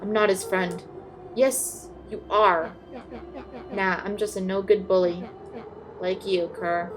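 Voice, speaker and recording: A woman's voice: mid-range voice, level tone, slow pace, close to an everyday voice. A woman voicing a cocky young troublemaker in a game read-along, with a sly, mocking delivery.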